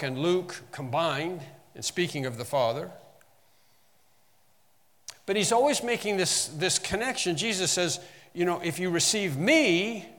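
In a sincere, instructive sermon, the pastor lingers on important phrases and lowers his voice, getting quieter, whenever he goes off on an aside. The sound carries a lengthy hall echo.

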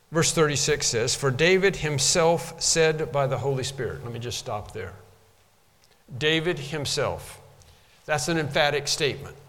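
A man's voice: mid-range voice, a bit bright, long reverb tail. A man preaching a sermon, explaining scripture and lifting his voice to stress key phrases. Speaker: pastor.

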